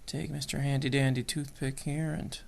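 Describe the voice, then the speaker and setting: Here a dad works on a model kit on camera, whispering and muttering under his breath with playful jabs at himself. He speaks at a normal speed in a mid-range voice with vocal fry and little pitch movement.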